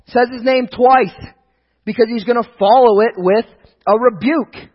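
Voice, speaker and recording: A male pastor with a high, husky voice preaches with emphasis. He slows and swells on key lines, then sinks low and soft for asides. The recording is dull and lo-fi, with long reverb. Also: lively intonation. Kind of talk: sermon.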